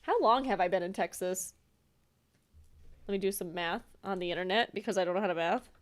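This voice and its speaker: A woman's voice: medium pitch, brisk. A woman streamer chatting casually with her viewers while she plays, rambling and laughing often. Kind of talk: casual gameplay chat.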